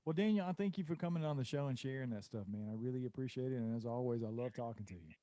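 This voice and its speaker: Fast-talking friendly podcast host man. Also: mid-range voice, warm tone. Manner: friendly, brief sign-off remarks. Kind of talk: casual chat.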